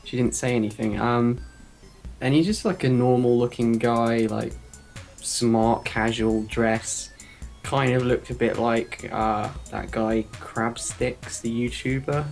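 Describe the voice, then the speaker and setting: A man's voice: medium pitch, fairly even intonation, takes it slowly, creaky, a little mellow, soft background music. A young man telling a story in a casual podcast chat, acting out the quotes. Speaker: podcast co-host.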